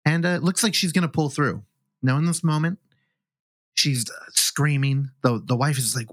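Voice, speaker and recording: Man, film podcast host, casual plot recap, joking asides, higher voice. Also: moderate pace, no echo. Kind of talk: casual film review chat.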